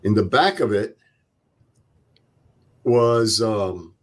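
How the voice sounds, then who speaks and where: A man's voice: lowish voice, expressive, extremely slow. An older man, a veteran guest, telling a vivid step-by-step war story and acting out the dialogue. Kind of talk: interview storytelling.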